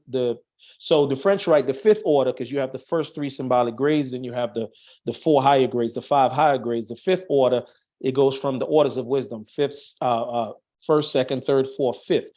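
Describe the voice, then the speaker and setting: A man's voice: mid-range voice, darkish tone, lo-fi sound. A man explaining things in casual chat, earnest and stopping to restart his sentences often. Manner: earnest, thinks aloud with many restarts and fillers. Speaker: Masonic officer, guest on an online show.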